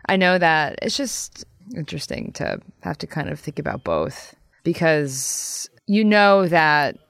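A woman's voice: deep voice, creaky, a bit bright, dry recording. A woman designer in a casual chat who talks freely and laughs often.

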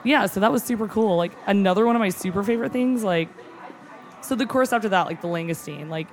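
A cook gushing about a tasting menu in casual chat, excitable and close to tears, with many fillers and some swearing. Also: medium pitch, quick pace. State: moved nearly to tears.

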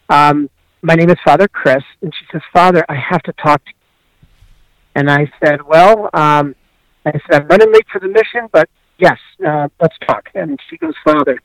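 A man's voice: on the high side, no room sound, low-quality recording. A man, a priest and author, telling a story in an interview and acting out the dialogue earnestly.

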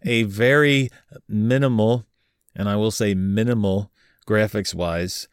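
A man's voice: on the low side, slow pace, clean tone, no echo, clean studio sound. A man co-hosting a podcast, telling gaming stories in casual chat and laughing often. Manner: animated storyteller, laughs often. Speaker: podcast co-host.

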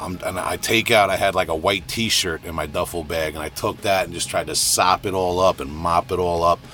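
A middle-aged man with a deep, booming voice, telling a rambling, self-deprecating story in a casual podcast monologue. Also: fairly bright tone, slight background noise. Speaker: podcast host.

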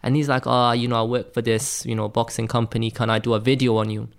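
This guest, a graphic designer from Wales, talks quickly in a medium-pitched, level, creaky voice. He has a light Welsh accent and spins stories in a casual interview, leaning on "like" and "man" throughout.

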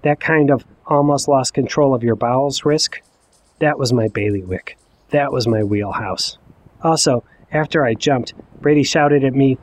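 A man in his forties telling a personal story in the first person, with wry, self-mocking, deadpan asides. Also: medium pitch, normal speed, slight background noise. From Ohio. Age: 40s. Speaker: narrator.

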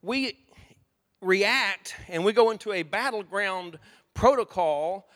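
A man preaching a sermon as a pastor, acting out arguments and rising to shouts. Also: high voice, slow. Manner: acts out both sides of arguments, rising to shouting. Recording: long hall reverb.

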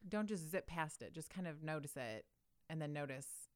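A woman's voice: deep voice, animated, moderate pace, clean tone. A woman co-hosting a podcast in casual conversation, chatty and self-deprecating, with plenty of fillers. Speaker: podcast co-host.

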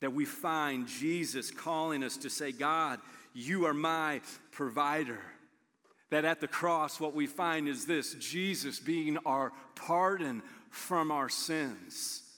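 A man preaching a sermon as pastor, earnest, moving between quick storytelling and soft, hushed emphasis. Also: on the high side, long reverb tail. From Illinois, USA.

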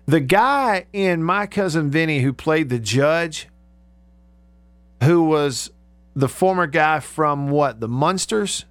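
A man hosts a casual talk radio show, reading out listener texts and laughing often. His voice sits a bit high. The studio sound is dry and close. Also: animated, slow, fairly bright tone, dry recording.

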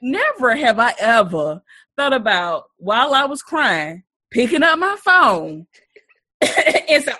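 Young woman co-host, high bright voice, slightly husky, animated ranter. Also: slow pace. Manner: animated, rants with playful mock quotes. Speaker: podcast co-host. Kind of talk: casual chat.

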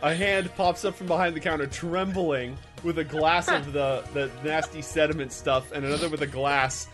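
A man narrating as game master, playful and dramatic, with sudden bursts of shouting. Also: a little high, steady tone, normal speed, soft background music.

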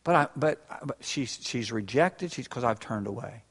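A man's voice: medium pitch, animated, moderate pace, fairly bright tone, slightly rough. A man preaching an interactive sermon, talking conversationally and laughing along with his congregation. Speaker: pastor. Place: church. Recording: reverberant church hall.

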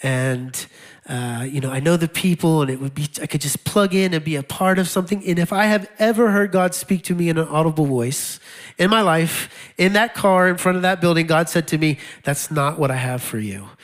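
A man's voice: on the high side, fairly quick. A male pastor preaching a sermon in a conversational way, with wry laughs and repeated key lines.

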